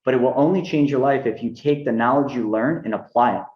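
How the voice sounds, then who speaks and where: A man's voice: medium pitch, quick pace. A man in the middle of his range speaks as a podcast guest, full of energy and throwing himself into retelling conversations. His voice carries a roomy echo, and the sound is a little dull and lo-fi. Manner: energetic, acts out quoted dialogue in a raised voice. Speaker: guest, money mentor. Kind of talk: animated storytelling interview.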